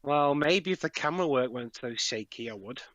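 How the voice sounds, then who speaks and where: A man from Britain with an expressive, up-and-down delivery, cutting in with dry jokes and complaints about the film. His voice is close and dry. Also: medium pitch, fairly quick, dry recording. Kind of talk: casual movie commentary.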